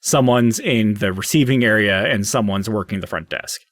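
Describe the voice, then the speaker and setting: A man's voice: on the low side, normal speed, fairly bright tone, no echo, clean studio sound. A man narrating as game master in a loose, hesitant way with many fillers.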